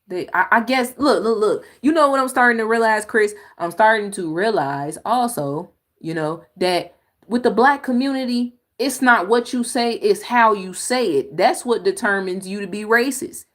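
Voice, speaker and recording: A woman's voice: mid-range voice, normal speed. A woman hosting a reaction video, giving blunt, emphatic commentary on clips with sighs and exclamations.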